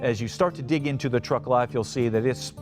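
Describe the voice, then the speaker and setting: A man hosting a podcast in a casual monologue, often laughing and mocking quotes in a deep announcer voice. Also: brisk, music in the background. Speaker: podcast host.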